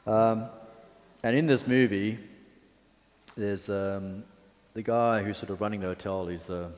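A man's voice: lowish voice, steady tone, measured pace, a little mellow. A man preaching a sermon in a conversational, chatty way, with asides and fillers. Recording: long hall reverb.

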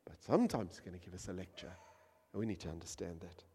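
A man preaching a sermon, swinging from hushed, quiet lines to loud, emphatic peaks. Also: deep voice, expressive, fast, breathy edge. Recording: long hall reverb.

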